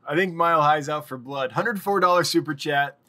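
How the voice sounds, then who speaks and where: A man's voice: a little high, a little fast, bright, forceful tone. A man hosting a casual live stream, rambling and chatting with viewers and laughing often.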